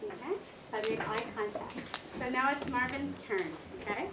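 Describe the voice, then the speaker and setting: A woman teaching first graders, giving slow, clear instructions to the class. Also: high voice, animated. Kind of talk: classroom lesson. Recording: echoey classroom, distant mic, noisy.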